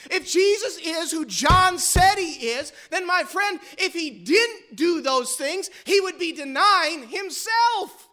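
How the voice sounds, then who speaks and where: High, bright-voiced male pastor preaching. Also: expressive, takes it slowly, few pauses. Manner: fervent preaching with rhetorical questions. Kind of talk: sermon.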